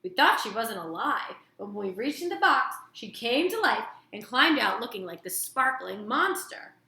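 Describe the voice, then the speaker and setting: A woman's voice: on the high side, very animated, normal speed, sharp tone, exaggerated voice. A woman doing a chatty friendly otter. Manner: chatty, eager storytelling. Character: big friendly female otter, chatty and warm. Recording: roomy echo.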